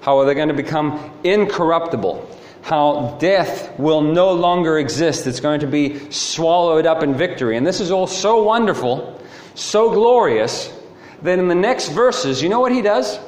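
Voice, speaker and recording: A man's voice: fairly high pitch, animated, a little slow, darkish tone. A man preaching a sermon, telling stories with animation and asking the listeners rhetorical questions. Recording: echoey hall with faint ambience.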